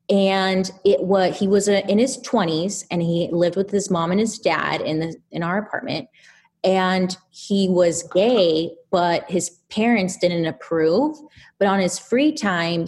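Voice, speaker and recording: A woman guest on a podcast, telling a story in a casual, animated way with lots of fillers. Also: on the low side. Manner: animated, chatty, filler-heavy.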